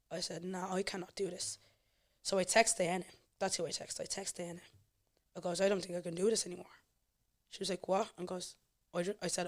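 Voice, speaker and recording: A woman's voice: lowish voice, little pitch movement, fairly quick. A young Irish woman, a podcast guest, candidly telling her personal life story with emotion.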